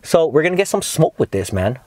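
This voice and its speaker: A man's voice: fairly high pitch, sing-song, fairly quick, darkish tone, dry recording. Slangy, swearing young man reviewing weed. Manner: laid-back slangy, swears a lot, calls viewers dog and bro. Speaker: cannabis reviewer. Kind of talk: casual vlog review.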